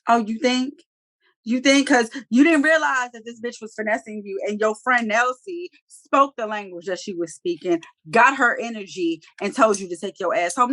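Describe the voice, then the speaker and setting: A woman's voice: fairly high pitch, moderate pace, sharp tone, no room sound. A woman co-hosting a reality TV recap, blunt and emphatic, repeating her punchlines and swearing freely. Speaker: podcast co-host. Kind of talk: casual reality TV recap chat.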